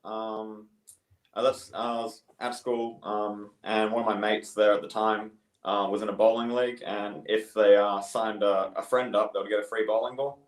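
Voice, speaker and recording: A young man answering interview questions, relaxed and hesitant, with many ums. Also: fairly low pitch, moderate pace, echoey room. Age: young adult. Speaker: guest.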